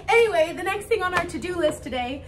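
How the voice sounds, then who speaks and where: A young woman vlogging casually to camera, bubbly and gushing with excitement. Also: extremely high pitch, distant mic, background noise. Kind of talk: casual vlog talk to camera.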